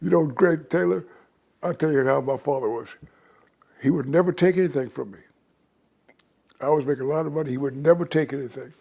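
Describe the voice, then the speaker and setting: Gravelly older man telling stories. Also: on the high side, brisk, long pauses, warm tone. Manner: rambling anecdotal storyteller who acts out quoted voices. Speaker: interview guest. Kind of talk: storytelling in an interview.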